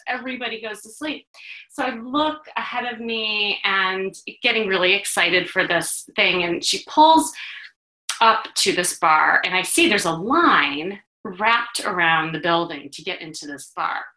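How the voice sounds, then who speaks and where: A middle-aged woman from the Chicago area hosts a podcast and tells a personal story in a lively, animated way, laughing now and then. Her voice is bright and clear. The room around her sounds echoey. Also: mid-range voice, unhurried. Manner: animated, laughs while telling stories. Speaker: podcast host. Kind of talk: storytelling monologue. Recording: roomy echo.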